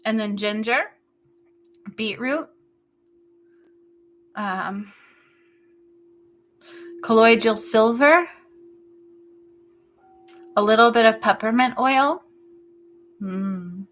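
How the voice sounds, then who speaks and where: A woman giving an intuitive healing session, talking slowly and haltingly with many fillers, in a soft, emotional and intimate way. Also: a little high. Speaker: spiritual healer.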